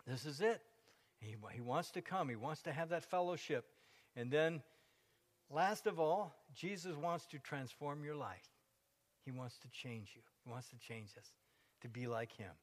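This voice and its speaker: A man in his sixties preaching a sermon, animated, acting out quotes and little scenes in changing voices. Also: on the high side. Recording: long hall reverb.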